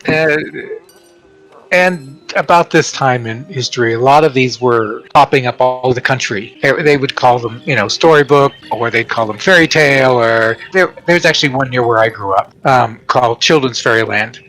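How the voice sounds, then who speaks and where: A man in casual chat, explaining a build he made in a relaxed way with fillers. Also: medium pitch, moderate pace, rough recording. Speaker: guest builder.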